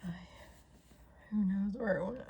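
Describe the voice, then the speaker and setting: A woman filming a backyard vlog outdoors, talking in a hushed, cooing voice and coughing now and then. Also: medium pitch, dull audio, slight background noise. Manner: hushed, cooing softly at kittens. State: coughing and sneezing. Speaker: vlogger. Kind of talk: casual vlog commentary.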